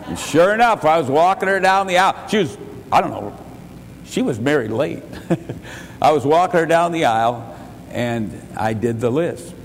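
A man's voice: a little high, animated, moderate pace, long reverb tail, slight background noise. An older man preaching a sermon as pastor, telling folksy family stories and pushing his voice up for emphasis. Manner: folksy storytelling, chuckles, bursts louder for emphasis.

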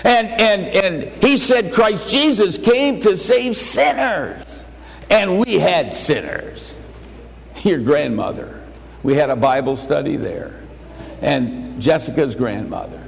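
An older man preaches a sermon with emphatic, drawn-out lines that rise in pitch for the key points. His voice sits a little high for a man. A long hall reverb trails every phrase. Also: animated, creaky. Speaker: pastor.

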